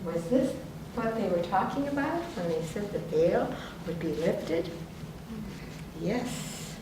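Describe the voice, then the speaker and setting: A woman leading a workshop, telling a personal story in a lively way and acting out the voices she quotes. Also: medium pitch, slow. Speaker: workshop leader. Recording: very echoey room, distant mic, faint noise.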